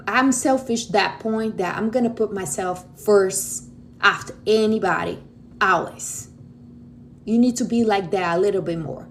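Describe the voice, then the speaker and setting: A woman's voice: fairly high pitch, slight background noise. A woman from Brazil with a Brazilian accent, hosting a livestream and giving blunt, outspoken advice to her viewers, calling them honey. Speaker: livestream host. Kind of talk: casual direct advice to viewers.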